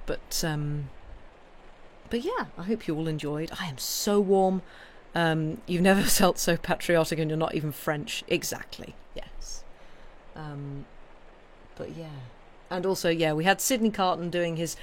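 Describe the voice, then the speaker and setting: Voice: mid-range voice, measured pace, slight background noise. Rambling, chatty British streamer. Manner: chatty, rambling, with frequent fillers and restarts. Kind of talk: casual live-stream chat.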